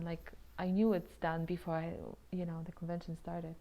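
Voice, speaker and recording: A woman casually telling her own story to camera at home. She talks chattily, with restarts and frequent exclamations, and often drops into soft, half-whispered asides. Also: lowish voice, fairly even intonation, fairly quick.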